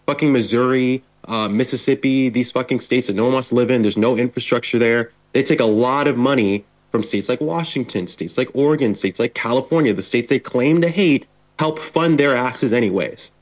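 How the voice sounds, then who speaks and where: A man's voice: medium pitch, brisk, few pauses. A man co-hosting a casual podcast, ranting heatedly and cursing a lot. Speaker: podcast co-host. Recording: dull lo-fi sound.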